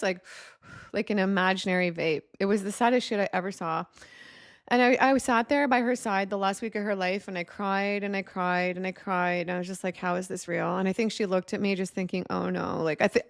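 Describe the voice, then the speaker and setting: A woman's voice: mid-range voice, no echo, studio quality. A woman vlogger telling a painful personal story to her viewers in a casual, rambling way, swearing now and then. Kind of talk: emotional personal story to camera.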